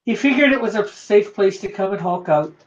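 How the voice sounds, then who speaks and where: A man hosting a live drawing stream, reading viewer comments aloud in a halting way, with many fillers. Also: sits high, animated. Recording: dull lo-fi stream audio.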